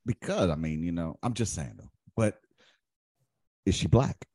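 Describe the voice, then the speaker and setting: A man's voice: sits low, lively intonation, normal speed, dark tone. A man hosting a podcast, chatting casually in a blunt, profane, questioning way. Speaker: podcast host. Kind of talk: casual chat.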